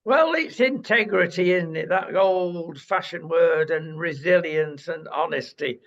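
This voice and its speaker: A man's voice: on the high side, a little slow, a bit bright, lo-fi sound. A man hosting a casual talk show, opinionated and wry.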